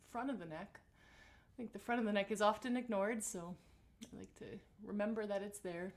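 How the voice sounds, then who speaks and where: A woman singing teacher leading a guided vocal warm-up on a livestream, relaxed and encouraging as she greets viewers by name. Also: mid-range voice, normal speed.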